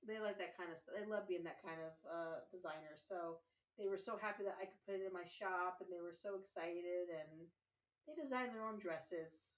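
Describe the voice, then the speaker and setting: A woman runs a relaxed gaming livestream, talking warmly with her viewers while sounding tired and letting out yawns. Her voice sits on the low side.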